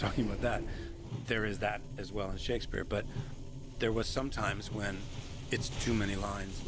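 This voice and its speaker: A man being interviewed as an actor, telling stories in a lively, reflective way. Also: on the low side, very noisy. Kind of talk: reflective conversational storytelling.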